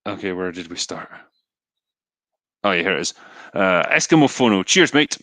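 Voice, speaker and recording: A man's voice: low-pitched, moderate pace, no echo. Scottish man chatting on livestream. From Scotland. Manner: relaxed, chatty, frequent ums and asides. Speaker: livestream host reading donations. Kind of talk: casual live stream chat.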